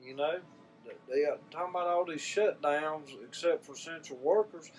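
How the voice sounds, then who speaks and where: Over soft background music and a rough recording, an older man with a Southern US accent speaks at a moderate pace in a fairly high voice. Addressing viewers casually and sincerely as a vlogger, he rambles folksily and frequently repeats his words.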